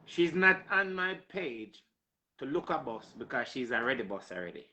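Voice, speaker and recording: A man's voice: medium pitch, big pitch swings, normal speed, bright, forceful tone. A man hosting an interview, talking emphatically to his viewers with a lot of repetition. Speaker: interview host. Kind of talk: casual interview talk.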